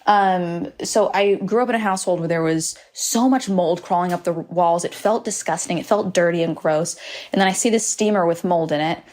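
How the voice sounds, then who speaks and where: A woman's voice: on the low side, normal speed, darkish tone. A young adult woman hosting her own podcast, talking alone in a casual, irritable, self-deprecating way and swearing freely. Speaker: podcast host. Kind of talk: casual solo podcast monologue. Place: hotel room.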